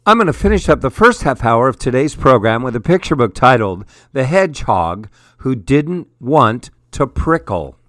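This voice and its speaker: A man reading picture books aloud as a program's storyteller, gentle and expressive. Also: mid-range voice, normal speed, hardly any pauses, no room sound, clean studio sound. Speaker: radio storyteller. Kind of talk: read-aloud storybook narration.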